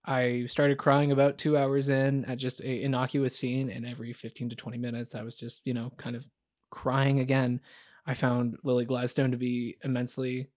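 A man's voice: medium pitch, level tone, normal speed, a little mellow, dry recording. This man co-hosts a film podcast in a loose, candid ramble, leaning on fillers as thoughts form. His voice sits in an ordinary middle register. The sound is dry and close. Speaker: podcast co-host. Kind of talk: casual film chat.

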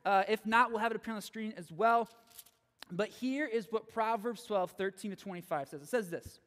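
Male pastor with a very high voice, preaching energetically in a church hall with long reverb. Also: a little fast. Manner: energetic, repeats phrases, checks in with "okay?". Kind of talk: sermon.

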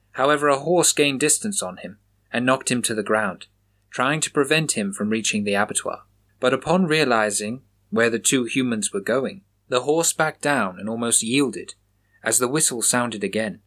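A man narrates a grisly horror tale at an even, measured pace. His voice is in an ordinary middle range for a man, and it stays plain and steady throughout as a storyteller's read. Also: medium pitch.

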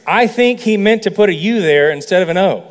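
A man's voice: sits high, lively intonation, a little fast, big-room sound. A man preaching a sermon as a pastor, explaining points with playful asides to the congregation. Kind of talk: sermon teaching.

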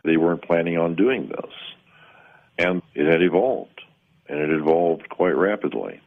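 A man calmly recounting a strange personal experience in plain, measured words, sometimes pausing to find the right term. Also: deep voice, gravelly. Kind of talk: first-person spoken recollection. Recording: tinny phone-like line.

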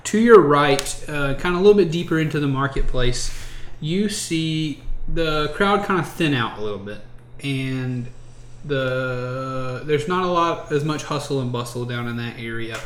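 A man's voice: mid-range voice, lively intonation, normal speed, hardly any pauses. A man narrating a tabletop game as game master, hesitant with many fillers and restarts. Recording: echoey room, faint noise.

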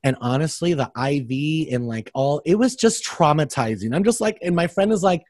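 A man's voice: a little high, a little fast, few pauses, dry recording. A man co-hosting a podcast chat in a slightly raised voice that swings widely up and down. He swears freely and slips into acted-out voices of other people. The sound is close and dry. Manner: animated and profane, acts out quoted voices. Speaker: podcast co-host.

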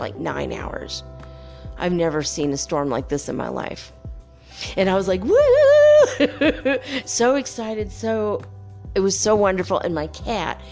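A woman vlogger casually telling viewers a rambling, animated story, with playful whoops and laughs. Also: medium pitch. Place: home by the Pacific.

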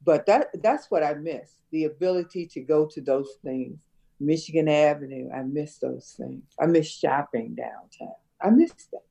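An older woman, a retired schoolteacher from Chicago, reminiscing in a relaxed conversation and laughing often. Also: low voice, normal speed, creaky, slightly rough. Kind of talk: casual conversation.

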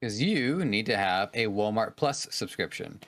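Male co-host, somewhat low-pitched, dry and self-mocking, casual chat. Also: animated, measured pace, fairly bright tone. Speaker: podcast co-host. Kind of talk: casual podcast chat, reading from an article.

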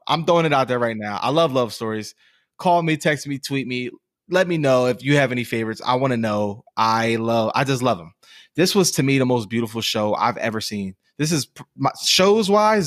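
A man's voice: medium pitch, no room sound, clean studio sound. A man in his twenties co-hosting a casual chat, enthusiastically recommending shows and books. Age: 20s. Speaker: podcast co-host.

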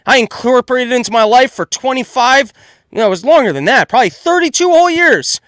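A man in his thirties hosting a solo podcast, loud and exasperated as he rants in comedic commentary. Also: very high-pitched, animated, brisk, dry recording. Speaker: podcast host.

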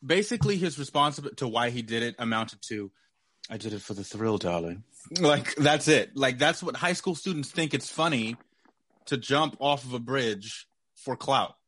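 A man co-hosting a podcast in casual chat, animated, often mock-quoting people in a put-on voice. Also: mid-range voice, normal speed, no echo. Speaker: podcast co-host.

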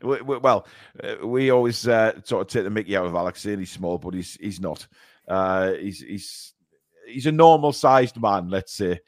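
A man's voice: lowish voice, expressive, moderate pace, no room sound, studio quality. A man co-hosting a casual fan chat show, speaking hesitantly with many ums and repeated words, sore and a little shaken. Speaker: co-host of a football fan show. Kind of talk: casual live-stream chat.

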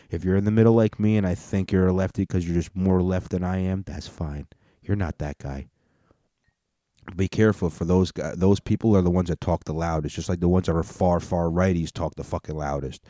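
A man hosts his own podcast in a loose, rambling rant, swearing freely and dripping with sarcasm. His voice is dark and mellow, a little low for a man. The sound is dry and close, with almost no room around it. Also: no room sound. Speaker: podcast host.

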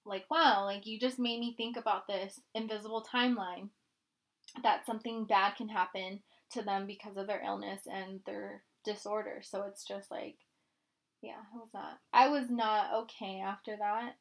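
A woman's voice: mid-range voice, steady tone, normal speed. Emotional young woman podcast co-host. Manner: candid, emotional, swears freely. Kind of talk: casual chat.

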